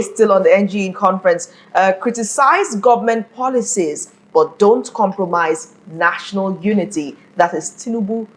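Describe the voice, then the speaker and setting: Lady hosting the morning show, runs thru headlines quick. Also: medium pitch. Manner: brisk, reads headlines and moves things along. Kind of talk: presenting headlines.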